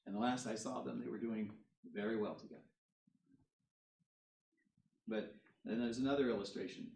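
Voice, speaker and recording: A man's voice: medium pitch, fairly even intonation, moderate pace, gravelly, darkish tone. A man preaching a sermon in a church hall, moving between reading scripture and explaining it. His voice rises to drive each point home. He is heard from a distance, and the room's echo surrounds his words. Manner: reads scripture aloud then explains it, rising emphasis on key points. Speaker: pastor. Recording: roomy echo, voice from far off the mic.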